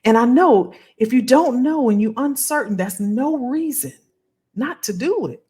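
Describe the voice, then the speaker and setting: A woman as a career coach on a live stream. She talks straight to her viewers in an animated, emphatic way and reads out their comments casually. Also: fairly high pitch, measured pace, breathy edge.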